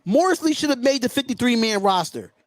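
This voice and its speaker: A high-pitched man hosting a live sports call-in show, worked up and indignant, hammering the same points again and again. The sound is dry and close, with no room around it. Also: sing-song, brisk, no echo. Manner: indignant, emphatic, repeats himself. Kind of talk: sports talk livestream rant.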